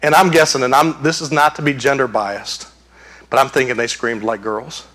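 A man preaching a sermon as a pastor, animated, acting out screams and voices while he tells the story. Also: mid-range voice, moderate pace.

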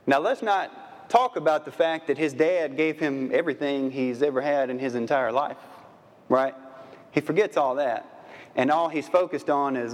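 Preacher, male, mid-pitched, conversational sermon full of rhetorical questions, long reverb from a large hall. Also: brisk. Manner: asks the audience many rhetorical questions. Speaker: pastor.

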